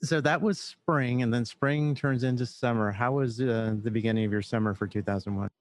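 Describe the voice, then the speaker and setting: A man's voice: mid-range voice, a little fast, dry recording. A man interviewing a guest and prompting her with short questions. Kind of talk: casual interview.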